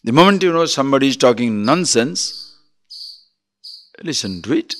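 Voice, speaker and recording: A man's voice: mid-range voice, moderate pace. A man giving a spiritual discourse as a teacher, telling stories and acting out quarrels. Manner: animated storytelling, acts out quarrels.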